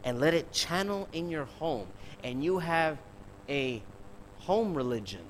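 Emphatic preacher asking rhetorical questions. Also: male voice, on the high side, expressive, a little slow, a little hiss or hum, rough recording. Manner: emphatic, full of rhetorical questions, addresses the congregation directly. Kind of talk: sermon.

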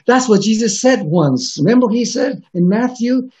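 A man's voice: very high voice, lively intonation, normal speed, darkish tone. A man preaching a sermon, reading scripture aloud and explaining it in an earnest way with frequent restarts. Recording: dull lo-fi recording.

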